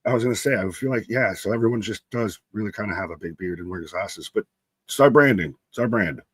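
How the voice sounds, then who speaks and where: A man's voice: lowish voice, fast talker, breathy edge, dry recording. A young man co-hosting a live wrestling stream, chatting casually and reading out viewer comments by name. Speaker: co-host of a live wrestling watch-along stream.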